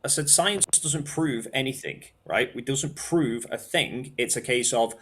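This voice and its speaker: A man's voice: mid-range voice, a little slow, a bit bright, husky. A man explaining science patiently step by step during a live online debate.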